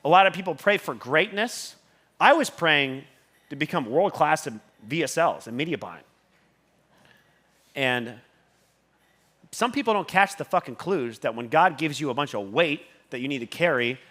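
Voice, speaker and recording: A man giving a motivational talk on a conference stage. He swears constantly and keeps surging in volume when he gets excited. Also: a little high, moderate pace. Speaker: conference speaker.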